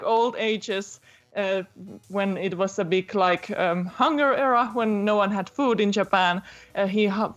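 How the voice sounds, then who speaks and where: A chatty woman with a voice, telling a story in a relaxed podcast chat. She talks at a middle pitch and fills her sentences with "like" and "uh". She laughs easily as she goes. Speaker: podcast guest recommending a manga. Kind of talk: casual chat.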